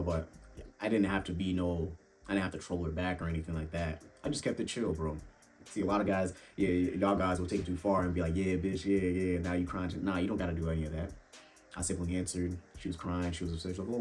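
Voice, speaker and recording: A young fitness and dating vlogger talks straight to camera in a casual monologue, his low voice a little mellow. He hands out blunt, profane dating advice and calls the viewer "bro."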